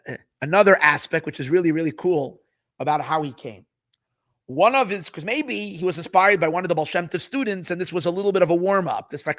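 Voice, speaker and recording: Animated high-voiced rabbi telling stories. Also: male voice. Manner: animated storyteller acting out dialogue, many repeated words. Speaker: rabbi teaching Hasidic stories. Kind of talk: storytelling class.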